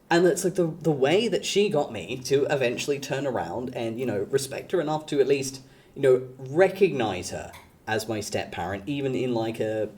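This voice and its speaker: A woman's voice: rumbling low, dark tone. A woman chatting casually on a live stream. She rambles, swears freely and laughs often.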